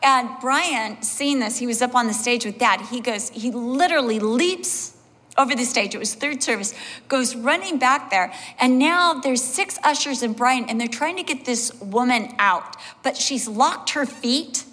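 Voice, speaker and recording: A woman pastor preaching a sermon, telling animated personal stories and acting out the voices of the people in them. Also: a little high, moderate pace. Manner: animated storyteller, acts out voices, laughs along. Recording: long hall reverb.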